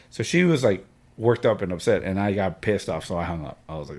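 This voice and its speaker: Casual podcast host, male, fairly low voice, candid and rambling storyteller. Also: animated, quick pace. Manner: emotional storytelling, frequent filler and slang. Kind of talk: casual chat among friends.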